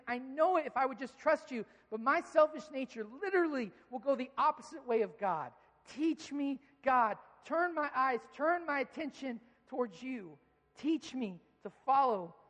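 A pastor in his thirties preaches a sermon with a very high, somewhat bright voice, telling stories conversationally before rising into emphatic pleas. Long hall reverb colors the recording.

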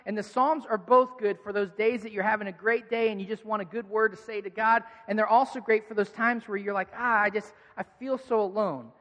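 A man's voice: high voice, fairly even intonation, a little fast, hardly any pauses, a bit bright, lo-fi sound. A man preaching a conversational, earnest sermon as a pastor to a church congregation. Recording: reverberant hall.

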